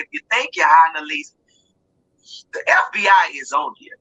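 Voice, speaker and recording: A woman hosting an online talk panel, speaking with impassioned emphasis and often raising her voice to a shout. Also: fairly low pitch, highs cut off. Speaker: host of online talk show.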